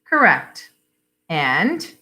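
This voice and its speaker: A woman giving voice to a bewildered middle-aged wife, full of short, doubtful questions. The tone is bright and the pitch moves lively, delivered at an unhurried pace. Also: faint music behind, heavily acted. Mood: puzzled.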